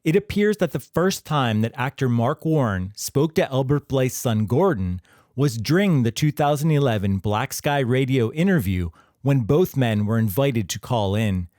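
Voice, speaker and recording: A man reading a scripted history explainer in a measured, explanatory way. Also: mid-range voice, expressive, a little mellow, no echo, clean studio sound. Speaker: history channel narrator. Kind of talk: scripted narration.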